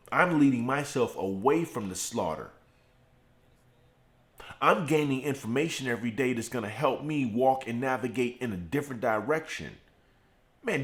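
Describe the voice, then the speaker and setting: Fired-up man preaching in a held-back voice. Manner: fired-up preaching with repeated phrases, speaking in a deliberately lowered voice. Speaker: host of a morning motivational show. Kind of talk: motivational live-stream talk. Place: home garage.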